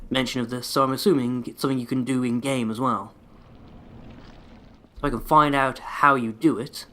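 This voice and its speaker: A let's-play host keeps up a sarcastic, profanity-laced commentary as he plays a video game. His voice is medium in pitch and slightly bright.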